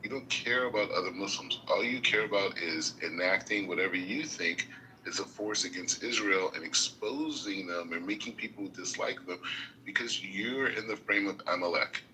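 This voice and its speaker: A man's voice: low-pitched, normal speed, pushed and bright, a little hiss or hum, rough recording. A man who is a rabbi, arguing in a heated live debate on an audio chat app, interrupting and stammering through repeated words. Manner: argumentative, interrupting, stammering repetitions.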